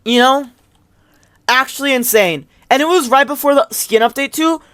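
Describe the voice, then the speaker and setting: A woman telling a gaming storytime as a casual, rambling rant, exasperated and often trailing off quietly. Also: sits high, normal speed, dry recording, studio quality.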